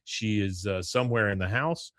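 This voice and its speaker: A man hosting a podcast, recapping a cartoon episode in a relaxed chat and dipping into quick character voices. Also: on the low side, no echo, clean studio sound. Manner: retells scenes with quick character voices, chuckling. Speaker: podcast host.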